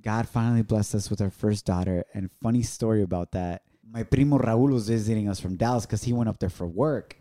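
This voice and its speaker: A man co-hosting a podcast, telling a family story in casual chat, in words and acting out quotes in a high, excited voice. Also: fairly quick, few pauses. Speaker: podcast co-host.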